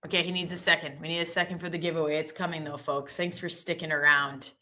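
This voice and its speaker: A woman's voice: low voice, flat delivery, fast talker, bright, forceful tone. A woman hosting a live trading stream in casual, chatty talk, giggly and self-deprecating.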